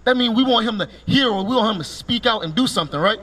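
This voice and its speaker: This street preacher is a man whose voice sits high and a bit bright, and he talks fast and animatedly. Commanding in manner, he calls out "Read" for every scripture passage, explains it afterward, and quizzes passers-by with rhetorical questions and a recurring "right?"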